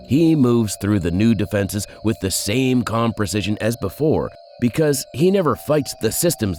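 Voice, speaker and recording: A man narrating a dark crime story in a scripted, dramatic, measured way. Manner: dramatic, measured storytelling with sudden drops in pitch and loudness.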